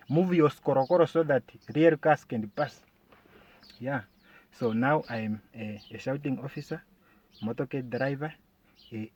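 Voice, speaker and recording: A man performing a stand-up comedy monologue, animated and bursting into loud shouted calls. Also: mid-range voice. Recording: dull lo-fi recording.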